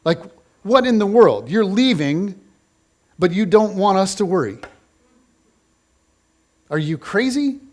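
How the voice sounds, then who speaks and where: A man's voice: high voice, lively intonation, slow, pauses often, exaggerated voice. A man voicing a group of baffled male disciples who can't believe what they're hearing. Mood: incredulous.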